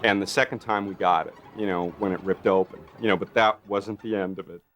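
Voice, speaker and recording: Animated man telling a behind-the-scenes story. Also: fairly low pitch, brisk, a little hiss or hum. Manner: animated, full of fillers, acts out quotes. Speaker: makeup effects artist interviewee. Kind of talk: documentary interview anecdote.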